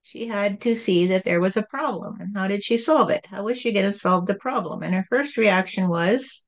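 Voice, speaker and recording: A woman channeling God as a calm, patient spirit, speaking in a gentle, repetitive teaching tone. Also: medium pitch, normal speed, lightly acted.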